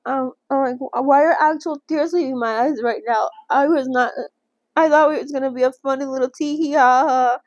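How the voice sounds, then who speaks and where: Young woman, high voice, casual book read-along, emotional reactions, halting restarts, dry close sound. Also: no room sound, muffled recording. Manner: emotional and expressive, breaks off reading to react; halting, with frequent restarts and gasps. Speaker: channel host reading a novel aloud.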